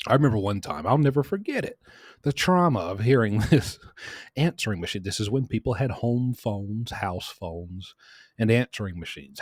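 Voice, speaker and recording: Podcast guy rambling through a story, low voice, very animated, dry close mic. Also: normal speed, no echo. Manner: rambling, animated, with self-corrections. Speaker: podcast host. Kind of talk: casual storytelling.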